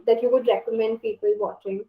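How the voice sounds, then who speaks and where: A young woman interviewing a guest, asking questions with many pauses and "um"s. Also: fairly high pitch, level tone, echoey room, phone-quality sound. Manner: hesitant, with many "um"s.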